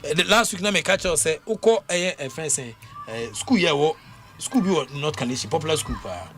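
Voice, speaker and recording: Animated Ghanaian man on sports radio. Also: a little high, a little fast, soft background music. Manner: animated, laughing often, many fillers and repeats. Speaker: radio sports show panelist. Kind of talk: casual radio sports talk mixing English and Twi.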